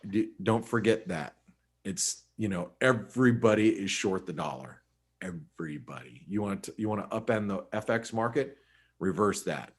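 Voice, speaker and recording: A man's voice: lowish voice, lively intonation, normal speed, slightly rough. A man giving a casual live webinar on currency charts, chatty and full of restarts. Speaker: forex market analyst.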